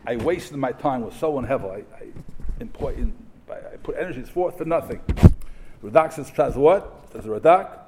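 A man's voice: a little high, very animated, a little fast, darkish tone, a little hiss or hum. Emphatic man giving a sermon. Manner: emphatic, rhetorical questions, mixes Hebrew and Yiddish terms. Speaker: rabbi giving a memorial talk. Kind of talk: sermon to a yeshiva audience.

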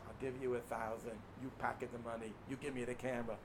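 A man's voice: medium pitch, little pitch movement, fast, background noise, voice pushed down, close to an everyday voice. A man voicing a scheming salesman, in a conspiratorial, wheedling tone. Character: scheming fast-dealing male salesman.

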